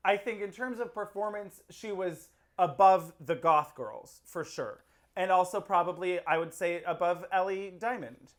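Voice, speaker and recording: Woman, podcast co-host, low-ish voice, chatty, opinionated. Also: normal speed. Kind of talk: casual chat.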